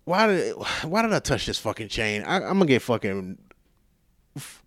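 Casting: tired male podcast host, lower voice, dry close mic, profane rambling storyteller who mocks himself. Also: moderate pace, no echo. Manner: profane, animated, self-mocking.

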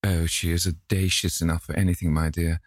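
A man's voice: sits low, level tone, a little fast, breathy edge, dry recording, clean studio sound. A man voicing a chatty, scolding elderly society hostess in an audiobook reading, with exclaiming, indignant lines.

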